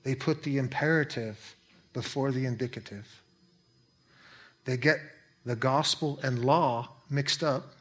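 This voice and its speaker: A pastor preaching a sermon in a conversational way, breaking into quick asides. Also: male voice, medium pitch.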